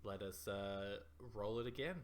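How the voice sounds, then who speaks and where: A man's voice: fairly low pitch, measured pace, very noisy. A man running a tabletop game as dungeon master, explaining rules hesitantly with many fillers.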